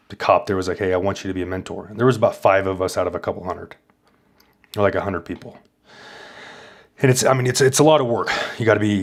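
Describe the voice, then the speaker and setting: A man hosting a stream, telling a rambling, boastful story in crude, casual chat. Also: lowish voice. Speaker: streamer host.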